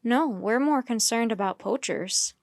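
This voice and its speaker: A woman's voice: a little high, measured pace, dry recording, clean studio sound. A woman voicing an earnest man who works at a rhino reserve, speaking with care.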